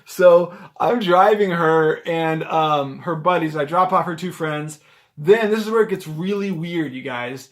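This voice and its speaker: A man's voice: on the high side, unhurried. A man vlogging as a rideshare driver, telling a story casually to a camera on a gimbal, with lots of "like" fillers. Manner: chatty, animated, lots of "like" fillers. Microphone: handheld camera on a gimbal.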